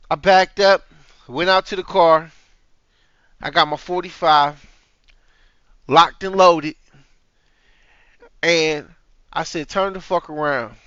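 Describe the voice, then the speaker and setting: A man's voice: on the high side, fairly bright tone, no echo, dull audio. A man hosting a reaction video, talking in a heated, profane, casual way.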